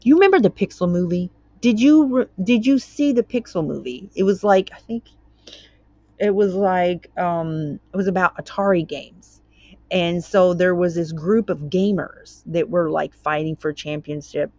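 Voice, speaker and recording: A woman's voice: lowish voice, moderate pace, mellow, no echo, muffled recording. A woman hosting her own channel, reading a court document aloud and commenting on it in a chatty way, tripping over words and wandering into tangents.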